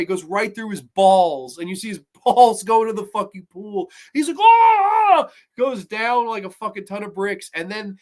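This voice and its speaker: A man hosting a horror film review show, retelling scenes in a casual, excitable and profane way. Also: high voice.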